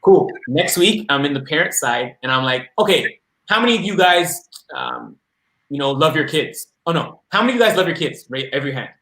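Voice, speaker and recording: A man tells anecdotes in a conversational way, slipping into the voices of the kids and parents he describes. His voice sits a little higher than most men's. The recording carries a roomy echo. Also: very animated, fairly quick, sharp tone. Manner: anecdotal, acts out quoted voices. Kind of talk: casual discussion.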